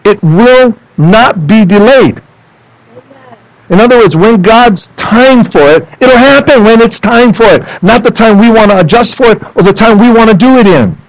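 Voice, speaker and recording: A man preaching a sermon in church, animated, rising into loud emphatic lines and dropping to low asides for the congregation. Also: normal speed, no echo, rough recording. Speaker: pastor. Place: church sanctuary.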